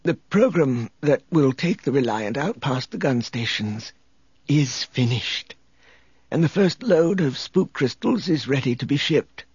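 A man voicing a weary, remorseful older man who speaks in a hushed, confessional way. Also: medium pitch, expressive, a little slow, husky, no echo, dull audio, pitched above the performer's own voice. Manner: hushed, confessional, sinking to a whisper.

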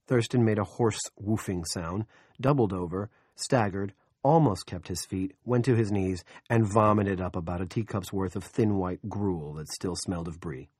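A man reading an audiobook in steady, wry narration. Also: low-pitched, normal speed, breathy edge, dry recording, studio quality. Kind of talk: scripted narration.

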